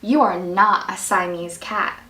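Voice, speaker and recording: A woman's voice: medium pitch, measured pace, pushed and bright, voice pushed down. A woman reads aloud as a playful young male kitten, exclaiming with sprightly mock-Spanish flourishes. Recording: echoey room from a distance.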